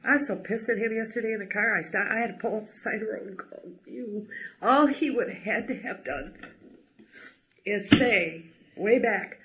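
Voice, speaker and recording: A man's voice: sits high, animated, a little fast, sharp tone. A man talking through a painful family history in an emotional personal conversation, blunt and agitated and swearing when angry. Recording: dull lo-fi recording.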